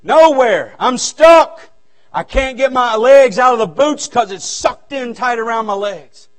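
A male revival preacher with a voice pitched very high for a man preaches from a church sanctuary. His sermon is fervent and folksy, expressive yet measured in pace, and he breaks into shouts.

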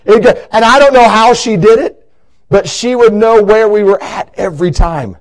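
High-voiced pastor preaching. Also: male voice, moderate pace, poor audio. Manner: folksy storytelling with frequent stammered restarts. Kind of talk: sermon. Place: church.

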